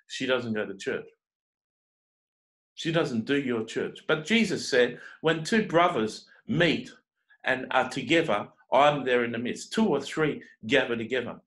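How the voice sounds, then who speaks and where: A man's voice: on the high side, a bit bright, rough recording. A man preaching a confrontational sermon as a self-described prophet and teacher, scolding his listeners with pile-ups of rhetorical questions and often repeating words as he starts a sentence.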